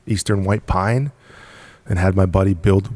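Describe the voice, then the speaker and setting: Speaking a little slowly in a dark voice that sits low, a man tells, as a podcast guest, how he started his business. The tone stays steady and the recording is dry, while he laughs frequently and hammers his points with repeated words.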